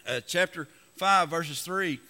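A man preaching a sermon as pastor, reading scripture slowly and building emphasis. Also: fairly high pitch, pushed and bright, in a large hall. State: coughing, slightly hoarse.

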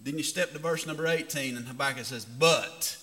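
A man preaching a sermon as pastor, reading scripture slowly and building emphasis. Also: on the high side, bright, forceful tone, long reverb tail. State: coughing, slightly hoarse.

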